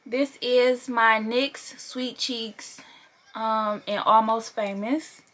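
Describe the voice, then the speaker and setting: A woman's voice: a little high, fairly even intonation, drawn-out words, a bit bright. A young woman chatting casually through a makeup tutorial, playful and a bit profane, laughing as she goes. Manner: chatty and playful, swears and laughs while working. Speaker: beauty vlogger.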